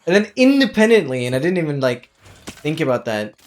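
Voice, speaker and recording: An excitable game streamer, talking a little fast in a mid-range voice, chats casually through a live gameplay session, exclaiming frequently and thanking the audience.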